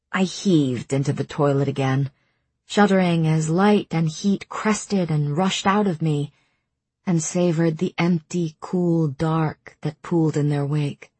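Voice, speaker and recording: Brief: low-voiced woman, unhurried, intimate narration for a fantasy audiobook. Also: a little mellow, breathy edge, no room sound. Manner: measured, intimate storytelling. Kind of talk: first-person audiobook narration.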